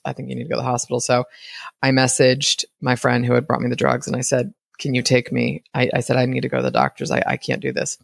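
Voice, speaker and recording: Chatty woman podcaster with gravelly voice. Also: extremely low pitch, no echo, studio quality. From United States. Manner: chatty, rambling, retells dialogue. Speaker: podcast host. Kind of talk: casual storytelling monologue.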